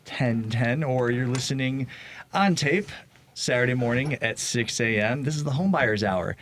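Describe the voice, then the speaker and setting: A man's voice: medium pitch, normal speed, fairly bright tone, a little hiss or hum. A man with a Chicago accent hosting a casual real estate talk show, joking and rambling as he introduces guests. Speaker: podcast host. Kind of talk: casual chat.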